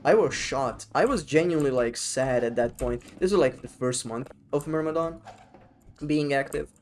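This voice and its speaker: A man's voice: mid-range voice, normal speed, slight background noise. A man live-streaming a game, chatting casually with his chat, rambling and swearing freely.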